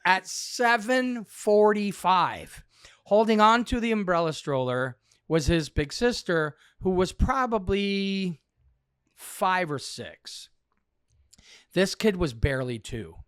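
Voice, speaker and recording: A man's voice: high-pitched, slow pace, clear, resonant tone, dry recording, studio quality. A man, a comedian, telling a funny story in a backstage podcast chat, laughing as he goes. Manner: animated, laughs through his telling. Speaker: comedian guest.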